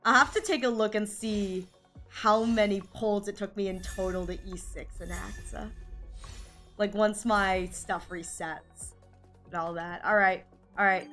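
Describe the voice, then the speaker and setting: A woman streaming a game who talks in a casual, chatty way, gets excited easily and repeats words over and over. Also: mid-range voice, a little slow, faint music behind. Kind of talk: casual live-stream chat while gaming.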